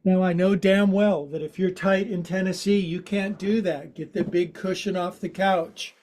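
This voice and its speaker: A man's voice: high-pitched, steady tone, normal speed, a little mellow, slight background noise. A man in his sixties leading a guided yoga class, giving instructions in a playful, joking, chatty way. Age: 60s. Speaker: yoga teacher.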